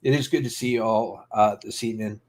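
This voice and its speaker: A man's voice: lowish voice, fairly even intonation, brisk. A man in his fifties from Rhode Island, hosting a casual livestream chat in a rambling, self-deprecating way that often trails off. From Rhode Island, USA. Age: 50s. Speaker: livestream host.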